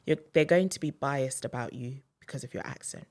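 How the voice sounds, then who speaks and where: A young woman guest on a podcast, arguing her point with emphatic, animated energy. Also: rumbling low, fairly quick. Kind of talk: casual debate. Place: podcast studio.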